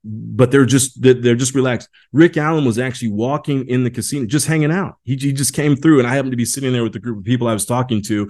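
A man's voice: medium pitch, fast talker, few pauses, a little mellow. A man presenting a leadership session on a group video call, talking informally and then reading an article aloud, often restarting and repeating his words.

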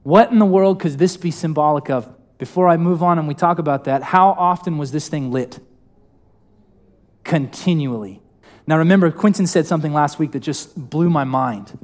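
A young man preaching a sermon in a church, speaking casually and asking the congregation questions. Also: fairly high pitch. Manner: conversational, asks the congregation questions. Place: church hall.

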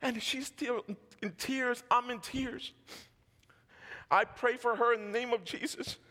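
A man's voice: extremely high pitch, steady tone, measured pace, pushed and bright. A man, a pastor, giving a sermon testimony in a fervent storytelling manner with repetitions and laughs. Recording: long hall reverb.

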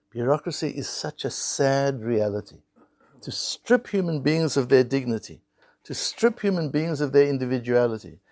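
A man's voice: a little high, creaky, no echo, clean studio sound. A man teaching a Torah lecture, talking through points with rhetorical questions and small acted-out scenes. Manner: animated, rhetorical questions, acts out little scenes.

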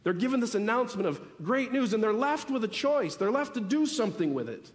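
A man preaching a sermon as the pastor, animated and building to emphatic peaks. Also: sits high, a little fast. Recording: long reverb of a large hall.

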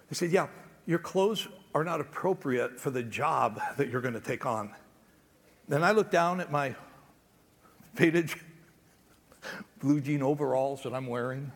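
A man's voice: a little high, unhurried, gravelly, long pauses, husky. A man telling a personal story in a sermon, acting out the conversations as he goes. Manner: animated storyteller acting out dialogue. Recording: long reverb of a large hall.

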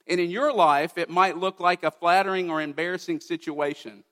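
A man's voice: high voice, normal speed, hardly any pauses, a bit bright, big-room sound. A man preaching a sermon as pastor, earnest and conversational, with personal asides to the congregation. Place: church sanctuary.

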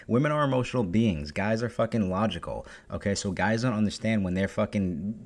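A young man hosting his own podcast alone, talking bluntly and swearing constantly in a casual monologue. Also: on the low side. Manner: profane, blunt, fast-talking. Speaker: podcast host.

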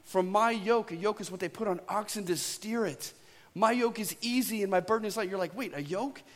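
A man's voice: high-pitched, fairly quick, a bit bright. A man preaching a sermon as pastor, talking in a casual, storytelling way and often checking in with "right?". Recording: long hall reverb.

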